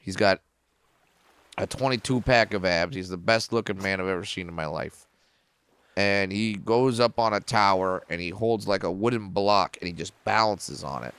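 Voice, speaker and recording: A middle-aged man spins stand-up stories in a casual podcast chat, his voice smooth and resonant. He swears freely and leaps higher in pitch when he hits a punchline. The sound is close and dry. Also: moderate pace, no echo. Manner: animated, profane, jumps way up in pitch for punchlines. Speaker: comedian guest.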